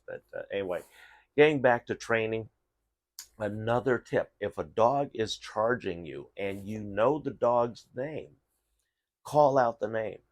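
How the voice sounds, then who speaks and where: A man's voice: lowish voice, no room sound. A middle-aged man casually telling a rambling story while giving tips, with frequent restarts and fillers. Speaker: vlogger giving dog safety tips.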